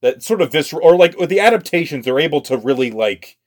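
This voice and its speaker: Animated man with stammering restarts. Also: on the high side, fast talker. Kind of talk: casual chat.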